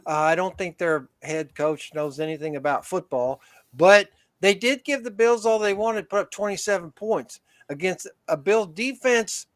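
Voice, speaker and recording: A man's voice: high voice, normal speed. A man hosting a casual sports talk show, rambling through game picks and often restarting his sentences. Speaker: host.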